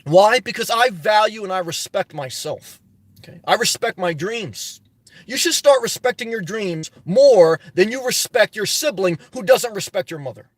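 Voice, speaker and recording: A man with a notably high voice talks to his livestream audience in a motivational, preachy style. He hammers his points home by repeating them and addressing listeners directly. The sound is close and dry. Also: expressive, moderate pace, dry recording. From New Jersey. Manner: preachy, emphatic, repetitive exhortation. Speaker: livestream host.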